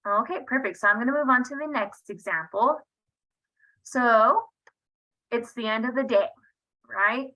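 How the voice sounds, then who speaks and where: Female workshop presenter, higher voice, bright and forceful, chatty and informal, often asks "right?", video-call mic. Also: a little slow, long pauses, low-quality recording. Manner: conversational, checks in with frequent "right?". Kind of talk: online workshop teaching. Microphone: video call computer mic.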